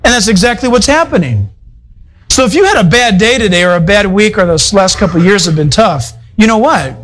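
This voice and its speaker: Guy preaching to his fellowship, pretty high voice, chatty and folksy with little asides. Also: a bit bright, low-quality recording. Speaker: pastor. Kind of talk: sermon. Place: church fellowship hall.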